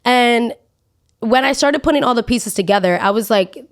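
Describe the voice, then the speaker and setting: A young woman hosting a podcast, talking casually in an animated, dramatic and exasperated way. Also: a little high, normal speed. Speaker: podcast host. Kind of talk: casual opinion monologue.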